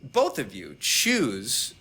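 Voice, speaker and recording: A man's voice: mid-range voice, wildly swooping pitch, extremely slow, pushed and bright, slightly rough. A young man hosting a podcast, chatting casually and animatedly with guests, laughing easily. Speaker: podcast host. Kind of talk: casual interview chat.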